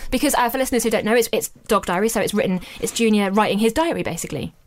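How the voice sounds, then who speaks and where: A woman's voice: mid-range voice, racing. A woman interviewing an author, enthusiastic and encouraging. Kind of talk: casual interview chat.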